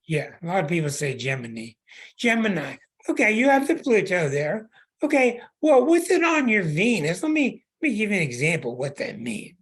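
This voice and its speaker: Very animated and fairly quick, a male astrology host with a husky, slightly rough voice goes through a caller's chart. His pitch rises and falls dramatically as he hammers his points, speaking plainly and repeating things for emphasis.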